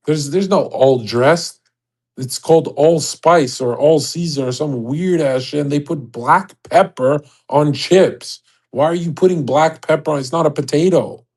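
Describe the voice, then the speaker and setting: Husky, foul-mouthed ranting man. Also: fairly high pitch, a little mellow. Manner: rambling, crude, exasperated, with frequent restarts. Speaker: livestream host. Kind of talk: profane ranting monologue.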